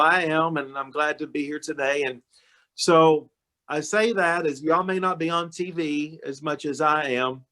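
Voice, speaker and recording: Folksy man on a video call. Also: fairly high pitch. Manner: folksy, storytelling, warm-hearted address. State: recovering from illness. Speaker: county judge guest speaker. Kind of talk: casual talk to a club meeting.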